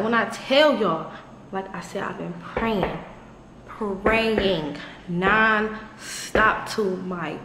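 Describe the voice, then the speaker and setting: A chatty, excitable young woman from Detroit giving a casual vlog tour of her new apartment, talking straight to her viewers and swearing freely. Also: medium pitch, echoey room, noisy background. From Detroit, USA. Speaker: vlogger. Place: new, mostly empty apartment indoors.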